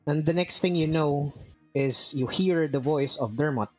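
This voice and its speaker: A game master narrating a tabletop fantasy game in an unhurried, descriptive way. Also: medium pitch, muffled recording, faint music behind.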